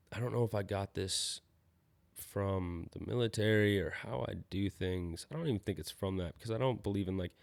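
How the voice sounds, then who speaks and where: A man's voice: low-pitched, a little mellow. A young man hosting a casual solo podcast, rambling and upbeat, sounding a little tired. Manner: rambling, loses his train of thought, upbeat about skateboarding. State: tired, yawning. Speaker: podcast host.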